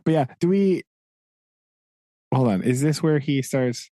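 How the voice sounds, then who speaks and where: A man co-hosting a casual book discussion, animated, acting out the characters' lines as he retells scenes. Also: mid-range voice, a little slow, no room sound. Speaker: podcast co-host.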